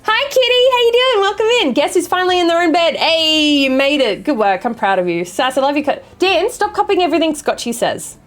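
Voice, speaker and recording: A young adult woman streamer chatting casually with her viewers, swearing freely and apologizing quickly. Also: high-pitched, very animated, soft background music. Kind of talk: casual chat reading viewer messages.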